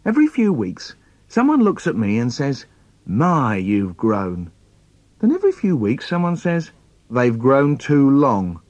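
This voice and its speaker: The London children's poet performs storytelling poems with playful, swooping expressiveness in a slightly high voice. The audio is dull, with no echo.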